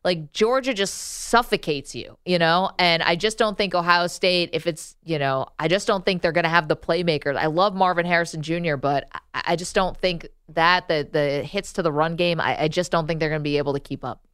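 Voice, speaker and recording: A woman hosting a casual sports show in a studio, lively and often laughing. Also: fairly low pitch, brisk, few pauses, smooth, no room sound.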